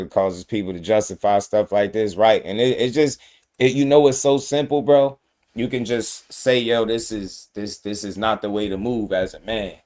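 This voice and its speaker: Male boxing commentator, mid-pitched voice, direct and emphatic, talks straight at the fighters. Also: darkish tone. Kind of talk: casual opinion commentary.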